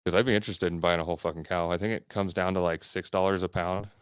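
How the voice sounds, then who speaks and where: A man's voice: low voice, fairly even intonation, quick pace, clear, resonant tone, no echo, clean studio sound. A man co-hosting a podcast in casual chat, blunt and ranting, swearing often. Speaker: podcast co-host.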